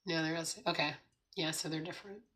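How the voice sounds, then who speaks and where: Hoarse, raspy woman on a livestream. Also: deep voice, steady tone, quick pace, a bit bright. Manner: chatty, laughs often, greets viewers and reads out chat. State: hoarse from laryngitis. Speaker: livestream host. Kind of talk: casual morning livestream chat. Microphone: streaming setup.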